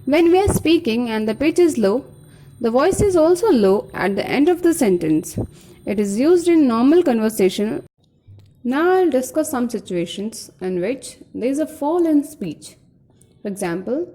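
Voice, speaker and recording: A woman's voice: high voice, mellow. A woman teaching an English pronunciation lesson, patiently explaining and modeling example sentences with exaggerated rises and falls. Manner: frequently asks "Okay?" to check understanding.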